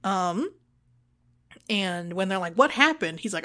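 A woman co-hosting a casual podcast recap, sarcastic, acting out characters' lines in quick asides. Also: lowish voice, animated, bright, forceful tone. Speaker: podcast co-host.

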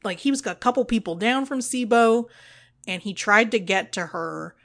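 A woman's voice: mid-range voice, lively intonation, gravelly, fairly bright tone. Lady podcaster recapping an episode, sarcastic, tosses in little voices for the characters. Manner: sarcastic, acts out characters' lines in quick asides. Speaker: podcast co-host. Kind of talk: casual recap chat.

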